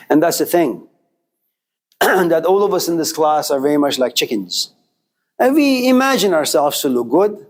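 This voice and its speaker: A man's voice: medium pitch, lively intonation, measured pace, pauses often. Man telling a parable in a lecture. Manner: conversational, uses "you know" often. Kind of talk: philosophy lecture, storytelling.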